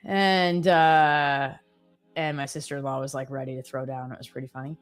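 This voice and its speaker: Co-hosting a live trading stream, a Canadian woman in her thirties chats casually, telling stories with lots of fillers. Her bass voice is delivered flatly at a moderate pace, with soft music in the background.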